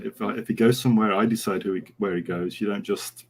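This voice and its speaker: A man's voice: fairly low pitch, a little fast, creaky, pauses often, breathy edge, poor audio. A middle-aged man, a horse trainer, telling a story as a podcast interview guest and acting out the dialogue as he goes. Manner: animated anecdote, acting out quoted dialogue.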